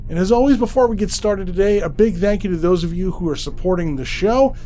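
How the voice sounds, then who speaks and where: Male podcast host with a fairly high voice and soft music underneath, chatty and self-deprecating, prone to stumbling over words. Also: quick pace. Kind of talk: casual show introduction.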